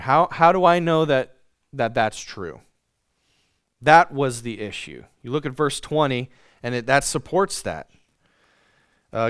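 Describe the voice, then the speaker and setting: A man delivers a sermon in a smooth, resonant voice, recorded dry and close with no room sound. He reads scripture aloud, leaning on the words he wants underlined, and poses questions to his listeners before answering them himself. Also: mid-range voice, no room sound. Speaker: preacher. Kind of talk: sermon with Bible reading.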